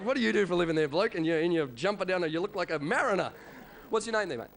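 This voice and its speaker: A man with an Australian accent doing an energetic stand-up routine, working the crowd and shouting impressions. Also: high voice, rapid-fire. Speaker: stand-up comedian. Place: comedy club stage. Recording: live comedy club with crowd and noise.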